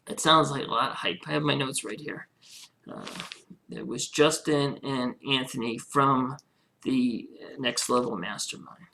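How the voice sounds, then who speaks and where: Earnest rambling man with a gravelly voice. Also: a little high, a bit bright. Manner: earnest, rambling, many "you know" fillers; heartfelt, religious. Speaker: home-business internet marketer. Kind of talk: personal video diary.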